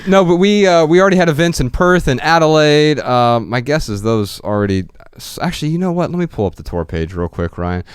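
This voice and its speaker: A man's voice: medium pitch, clear, resonant tone, dry recording. A man co-hosting a podcast in casual chat, joking and reading out tour dates and plugs on a studio microphone. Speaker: podcast co-host.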